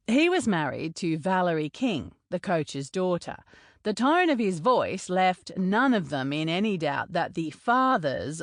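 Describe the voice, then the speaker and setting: A woman reading a novel aloud as an audiobook narrator, measured and steady. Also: on the low side, no echo, clean studio sound.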